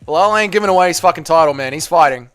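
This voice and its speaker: A young man hosting a live watch party, reacting loudly to a fight, swearing and shouting at the screen. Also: on the high side, rapid-fire, clear, resonant tone, no room sound, soft background music. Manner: excitable, swears a lot, yells at the screen.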